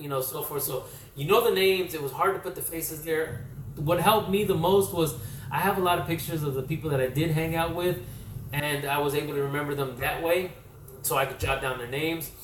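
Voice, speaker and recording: A man from California telling a casual vlog recap, rambling and correcting himself, his voice slightly worn from yelling. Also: fairly high pitch, a little hiss or hum. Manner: rambling, self-correcting storyteller. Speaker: comic book vlogger. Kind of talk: casual recap talk to camera. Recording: echoey room.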